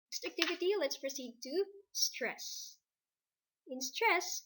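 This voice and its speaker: A woman teacher with a Filipino English accent, dictating a recorded lesson slowly and deliberately. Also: high voice, a bit bright.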